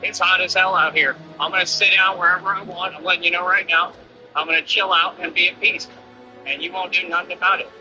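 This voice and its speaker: A man's voice: sits high, level tone, fast, pushed and bright, soft background music, rough recording. A man streamer ranting defiantly and boastfully over his gameplay. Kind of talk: livestream rant over gameplay.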